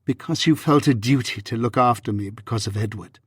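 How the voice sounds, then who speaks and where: A man voicing a hurt, proud young Regency wife in an audiobook, with a husky, measured and restrained delivery. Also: medium pitch, dry recording, clean studio sound, lightly acted. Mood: wounded. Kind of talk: audiobook reading.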